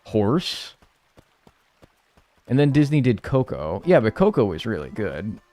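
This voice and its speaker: A man's voice: fairly low pitch, brisk, soft background music. A young man chatting casually and rambling on a live gameplay stream, swearing freely as he talks. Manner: animated, chatty, swears a lot.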